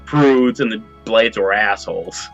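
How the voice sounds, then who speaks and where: A man with a Minnesota accent chatting casually as a guest, halting and chuckling through his stories. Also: lowish voice, creaky, a bit bright, lo-fi sound, soft background music. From southern Minnesota. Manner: halting, laughs at own stories. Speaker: guest, mod user. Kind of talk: casual chat.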